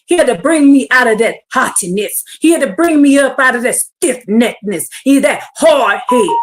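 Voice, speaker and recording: Fervent woman preacher on a livestream, high voice, goes from hushed to shouting. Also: expressive, a little fast. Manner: fervent, calls out to listeners, swings from hushed to shouting. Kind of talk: livestream sermon.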